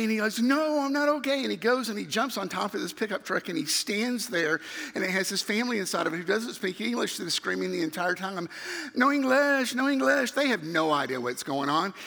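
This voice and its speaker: A man's voice: a little high, gravelly, bright, forceful tone. A middle-aged man tells a sermon story as a youth minister, acting out other people's voices. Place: church sanctuary. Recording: reverberant hall.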